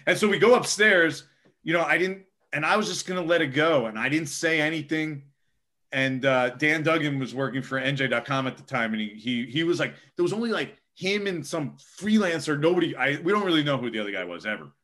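A man's voice: a little high, expressive, brisk, sharp tone. A man, a sports reporter, telling a story casually and rambling with lots of filler words.

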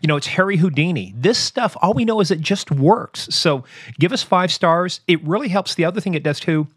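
A male podcast host talks in a lively, joking way, his voice sitting a little high. The sound is close and dry, with no room around it. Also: brisk, slightly rough, dry recording. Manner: joking, animated banter. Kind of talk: casual chat.

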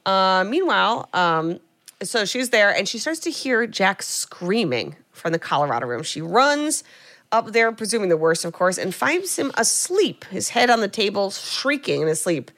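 A young woman co-hosting a podcast, recapping a film in casual chat and acting out quotes with animated storytelling. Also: mid-range voice, moderate pace. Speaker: podcast co-host.

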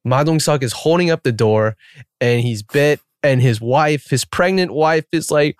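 Animated male podcast co-host. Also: on the high side, unhurried, smooth, dry recording, clean studio sound. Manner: animated storyteller, acts out scenes. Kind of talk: casual film-discussion chat.

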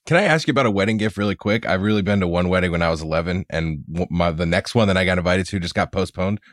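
Young male co-host, very quick delivery, low voice, dry mic, joking interjections. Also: no echo. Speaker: podcast co-host. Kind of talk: casual podcast chat.

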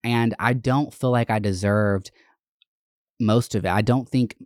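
A man's voice: lowish voice, fairly even intonation, measured pace, a little mellow, no echo, clean studio sound. A young adult man hosting a podcast, telling stories in a casual, candid and profane way, with lots of fillers. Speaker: podcast host. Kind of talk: casual storytelling monologue.

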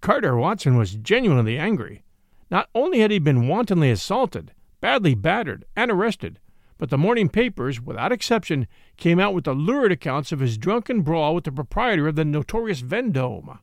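A man reading a classic short story aloud as narrator, with an expressive, dramatic delivery. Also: fairly high pitch, normal speed, dry recording, studio quality.

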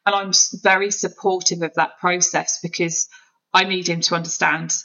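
A woman's voice: lowish voice, level tone, moderate pace, gravelly, sharp tone, highs cut off. A woman talking openly and emotionally as a podcast guest, in an open, searching way. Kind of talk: candid conversation.

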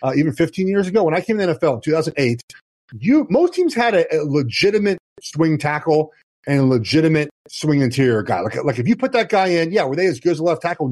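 A man's voice: a little high, a little mellow, husky, dry recording. A former football player in his thirties, guest on a talk show, explaining plays in a casual, restart-heavy way. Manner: explanatory, many restarts and "you know". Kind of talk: casual podcast chat.

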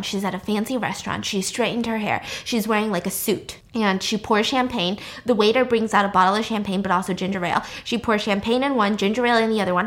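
A young woman casually retelling a film plot in a chatty, animated way, swearing freely. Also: mid-range voice. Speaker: storyteller.

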